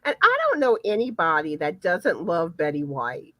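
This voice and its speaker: A woman's voice: fairly low pitch, big pitch swings, moderate pace, pushed and bright, no echo. A woman hosting a casual live chat, chatty and often repeating words as she starts a sentence. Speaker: livestream host.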